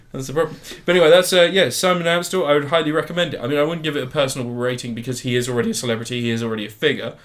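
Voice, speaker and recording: A man co-hosting a podcast, talking in a casual, animated way and swearing freely. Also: medium pitch, very fast, hardly any pauses. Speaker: podcast co-host. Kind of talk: casual chat.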